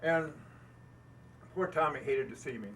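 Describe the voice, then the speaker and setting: A man's voice: a little high, unhurried, a bit bright. Older man, American accent, folksy storytelling, self-deprecating laughs, distant mic, faint room hum. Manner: folksy anecdotes, laughs at himself. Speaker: boat builder speaking at an owners' gathering. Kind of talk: storytelling talk to an audience. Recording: faint ambience, speaker off the mic.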